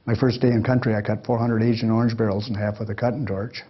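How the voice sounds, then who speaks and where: In a dull lo-fi lecture recording, an older man with a fairly low, breathy voice speaks quickly in a level tone. He tells an audience stories from his life, folksy and rambling, often breaking into chuckles.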